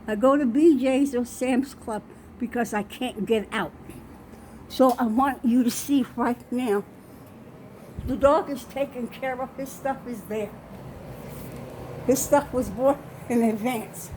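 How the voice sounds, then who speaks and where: Breathless older woman, slow and insistent. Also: a little high, darkish tone, slight background noise, low-quality recording. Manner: insistent, keeps saying okay. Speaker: vlogger. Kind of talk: home video walkthrough. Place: small home kitchen, indoors.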